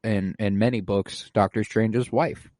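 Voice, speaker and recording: A man's voice: fairly low pitch, steady tone, measured pace, a little mellow, no echo, studio quality. A man co-hosting a podcast, talking through a movie review in a laid-back, casual way and sometimes swearing. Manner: laid-back, swearing, acts out characters' lines. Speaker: podcast co-host.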